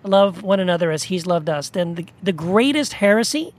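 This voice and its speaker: A man's voice: high-pitched, lively intonation, normal speed. A man co-hosting a podcast, talking about faith in an earnest, rambling way with many restarts. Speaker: podcast co-host. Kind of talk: casual faith discussion.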